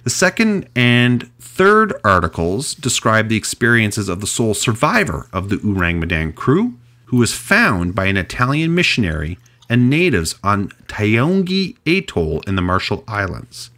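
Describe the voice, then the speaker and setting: A man hosting a podcast, telling a mystery story in a casual, chatty way with animated delivery and frequent restarts. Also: lowish voice, normal speed. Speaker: podcast host.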